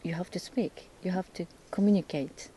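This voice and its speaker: A woman speaking hesitant, non-native English in a casual chat, often pausing to search for words. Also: lowish voice, mellow, a little hiss or hum, poor audio. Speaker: host, English learner.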